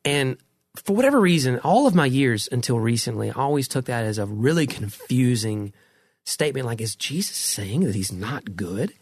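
A man's voice: medium pitch, lively intonation, moderate pace, slightly rough, no room sound. A middle-aged man in a casual conversation about faith, earnest and reflective, often restarting his sentences.

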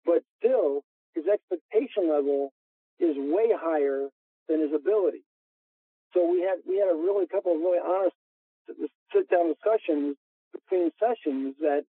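A golf instructor from New York with a New York accent, telling stories with animated energy as a guest on a radio interview. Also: male voice, on the high side, moderate pace, slightly rough, no room sound. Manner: animated storyteller, laughs while telling. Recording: dry narrow phone-line sound.

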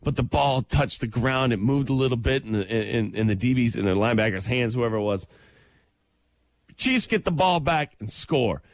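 A man co-hosting a morning radio show, chatting casually and running through sports with excitable enthusiasm in a studio. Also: medium pitch, dry recording. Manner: excitable, enthusiastic, quick rants. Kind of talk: casual chat and sports rundown.

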